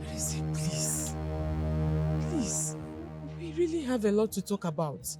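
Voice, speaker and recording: A woman's voice: mid-range voice, very animated, takes it slowly, faint music behind, exaggerated voice. A remorseful Nigerian woman pleading. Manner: pleading, soft and apologetic. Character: remorseful woman seeking peace with ex. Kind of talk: film drama acting.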